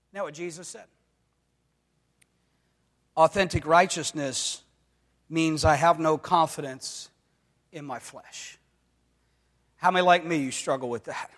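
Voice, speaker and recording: An adult pastor with a voice on the high side, a bit bright, preaches unhurriedly and pauses often, his sound echoing in a reverberant hall. His delivery is emphatic, with call-and-response questions about whether the congregation follows him and dramatic bursts of acted-out voices.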